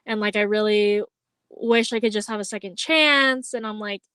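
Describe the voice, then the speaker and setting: A woman's voice: mid-range voice, normal speed, pushed and bright, smooth, no room sound. A young adult woman on a podcast, recounting a story casually with a lot of "like" and acted-out quotes. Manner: chatty storytelling, heavy use of "like", acts out quoted lines. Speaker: podcast co-host. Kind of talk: casual chat.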